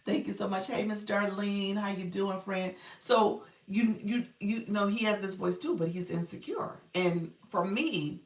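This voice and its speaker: A woman's voice: medium pitch, measured pace, hardly any pauses. A woman coaching on a live stream, chatting casually, greeting viewers and laughing often. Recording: echoey room, voice distant from mic.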